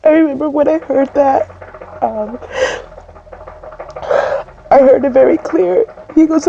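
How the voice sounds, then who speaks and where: A woman tells a personal story while crying, her voice gravelly and mellow. She speaks slowly and haltingly, breaking off and starting over. The recording is dull and lo-fi, with faint noise behind her. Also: high voice. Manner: tearful, halting, with many restarts. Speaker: vlogger.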